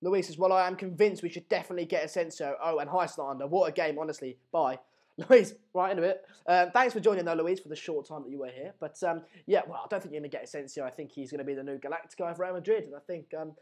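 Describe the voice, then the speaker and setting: High-voiced chatty streamer. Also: male voice, fast, darkish tone. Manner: chatty, reads out viewer comments between play-by-play. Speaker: live stream host. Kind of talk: live match watchalong commentary.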